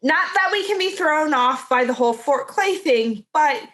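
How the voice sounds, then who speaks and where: A woman's voice: sits high, animated, normal speed, fairly bright tone. A woman co-hosting a podcast in casual chat, talking in a chatty way with lots of "like" and restarts. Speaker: podcast co-host.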